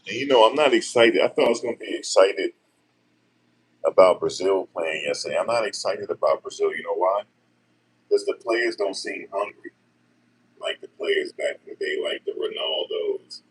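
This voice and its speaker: A man, talking casually and deadpan to his viewers, musing and repeating himself in slangy speech. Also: deep voice, breathy edge. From New Jersey, USA. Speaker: vlogger. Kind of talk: casual rambling monologue.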